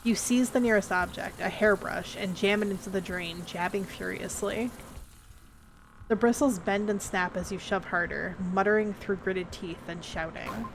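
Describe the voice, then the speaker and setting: A woman's voice: mid-range voice, normal speed, a little hiss or hum. A woman streamer reading a horror story game aloud with dramatic delivery and joking asides to chat.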